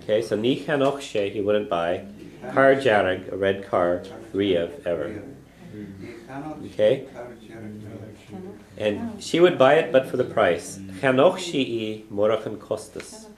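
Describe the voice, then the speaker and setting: A man's voice: fairly low pitch, expressive, takes it slowly, pauses often. A man teaching a classroom language lesson. He explains patiently, models phrases for students to repeat, and often checks in with "okay?". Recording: echoey room with class chatter.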